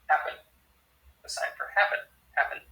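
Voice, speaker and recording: Bright, roomy voice explaining signs. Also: moderate pace. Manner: explanatory, frequent tag questions. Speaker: ASL interpreter voicing a sign language teacher. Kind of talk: voiced online sign language lesson.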